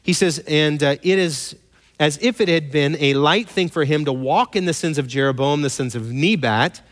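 A man preaching a sermon, retelling scripture as lively storytelling with playful asides and mock voices. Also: fairly high pitch, moderate pace. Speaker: pastor. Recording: long hall reverb.

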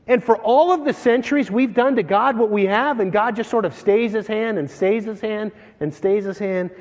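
A man preaching a sermon as pastor, animated and joking as he tells stories between scripture readings. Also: high voice. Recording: long hall reverb.

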